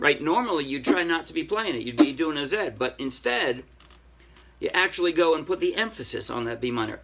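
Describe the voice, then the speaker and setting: A man's voice: mid-range voice, moderate pace, over loud music. Man casually teaching ukulele over strumming. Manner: relaxed, explaining step by step while playing. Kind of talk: casual music tutorial explanation. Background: ukulele playing.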